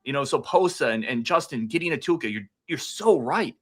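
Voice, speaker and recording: A man co-hosting a casual sports podcast, fired up and talking like an excited fan, a few beers in. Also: medium pitch, a little fast. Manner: fired-up, animated fan talk. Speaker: podcast co-host.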